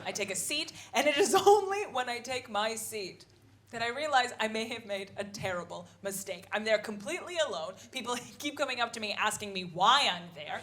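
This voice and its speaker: A woman in her thirties performing a live stand-up set, animated and quick to jump into loud put-on voices. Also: on the high side. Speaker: stand-up comedian. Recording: live comedy club with audible noise.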